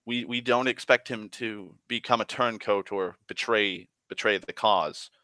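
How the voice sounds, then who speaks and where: A man playing a solemn, fatherly elf god, speaking in a low, quiet, slow and measured way with a bright, ringing tone. The voice is close and dry, with no room sound. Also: no echo. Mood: explaining.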